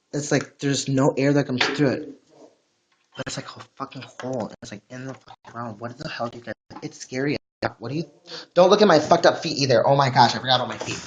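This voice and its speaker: A man's voice: medium pitch, a little hiss or hum. A man chatting casually on a livestream from his home, rambling and swearing often. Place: at home, indoors.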